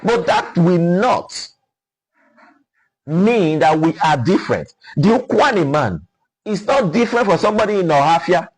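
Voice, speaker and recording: High lively husky Nigerian man. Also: a little slow, low-quality recording. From Nigeria (Ukwuani, Delta). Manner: lecturing, sounds out example words. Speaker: guest. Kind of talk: explaining conversation.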